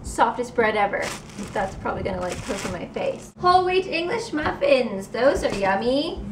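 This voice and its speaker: A young woman talks through her groceries in a bright, chatty, upbeat way. Her voice sits high. She is picked up from a distance in a roomy kitchen with steady background noise. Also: normal speed. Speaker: vlogger. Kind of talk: casual chat. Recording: roomy, distant camera mic.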